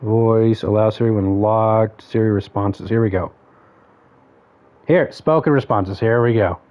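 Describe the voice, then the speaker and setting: A man with a fairly low voice takes an unhurried pace while streaming a game in dull lo-fi audio. His talk is relaxed gameplay commentary as he thinks aloud and murmurs through his options.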